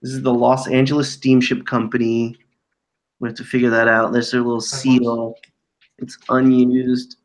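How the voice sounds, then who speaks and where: A man's voice: mid-range voice, little pitch movement, moderate pace, poor audio. A man chatting casually on a live stream, joking and swearing as he shows off old items. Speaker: co-host showing items.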